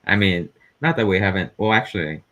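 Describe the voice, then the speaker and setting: Deep voiced guy hosting a chill interview, long rambling questions. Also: lively intonation, a little fast, fairly bright tone, dull audio. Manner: asks long winding questions. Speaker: host. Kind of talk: casual interview.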